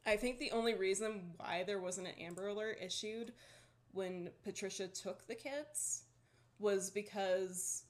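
A young woman co-hosting a podcast in casual chat, dry-mouthed from just waking up, talking with lots of "like" fillers and easy laughs. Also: mid-range voice. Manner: chatty, many "like" fillers, laughs often. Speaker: podcast co-host.

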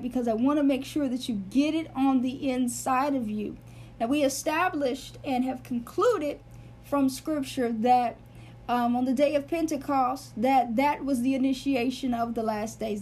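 A woman's voice: sits high, a little mellow. A woman giving an earnest Bible teaching, explaining word meanings step by step and repeating phrases for emphasis.

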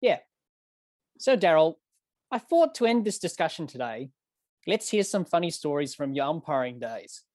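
A man's voice: fairly high pitch, normal speed, long pauses, dry recording. Eager male podcast host, dry sound. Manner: eager, lively questioning, recounts events. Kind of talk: casual interview questions.

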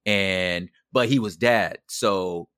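Middle-aged guy on a podcast, slangy, bright forceful voice, dry sound, acts out every line. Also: low-pitched, slow, clear, resonant tone, no room sound. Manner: animated, slangy, acts out quotes. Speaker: podcast guest. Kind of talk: casual storytelling.

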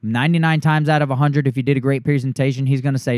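A man coaching trainees through a sales script, switching into the pitch he gives a homeowner. His voice sits in a middle pitch and sounds dry and close, with no room around it. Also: fairly even intonation, very fast, a little mellow, no room sound.

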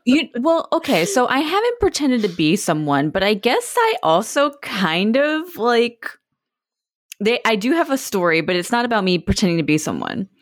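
A woman's voice: on the high side, normal speed. A woman telling a story in a casual chat, drawing her friends into it. Her voice rises and falls a lot as she talks. The sound is close and dry, with no room echo. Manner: animated storyteller, asks for the others' verdict. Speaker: podcast co-host.

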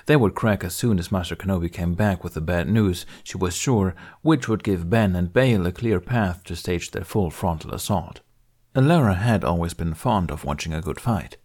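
A man narrating a fan fiction audiobook in a steady, even way. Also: sits low, normal speed. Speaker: audiobook reader.

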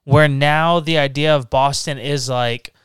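A young man with a Rhode Island accent trading profane jokes on a podcast over beers. His voice is smooth and resonant, and he sounds easygoing. The recording is close and dry. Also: on the high side, fairly even intonation, a little slow, fairly bright tone, no room sound. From New England. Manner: joking, profane, laid-back banter. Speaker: podcast co-host. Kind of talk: casual chat over beers.

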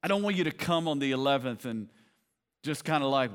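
A man's voice: medium pitch, expressive, brisk, smooth. A man in his thirties preaching a sermon as a pastor, conversational and building to passionate emphasis.

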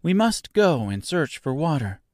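A man's voice: a little high, big pitch swings, a little slow, a little mellow, no echo, studio quality, voice pushed up. A man voicing a polite, timid young girl in a storybook reading, with a careful, earnest delivery. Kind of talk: storybook character voice.

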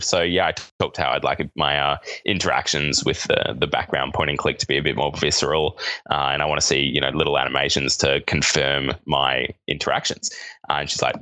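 A man's voice: very deep voice, brisk, bright, forceful tone, dry recording. A man in his thirties with an Australian accent, co-hosting a casual podcast chat and rambling with lots of hesitations. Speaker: podcast co-host.

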